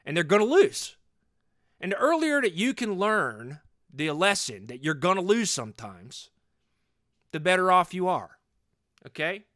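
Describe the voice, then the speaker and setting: A man's voice: high voice, big pitch swings, a little slow, pauses often, fairly bright tone, no room sound, clean studio sound, heavily acted. A man in his forties playing a hot-headed, overcompetitive sports dad in an improvised comedy podcast monologue, rambling and boastful and repeating himself. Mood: worked up. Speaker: podcast host in character.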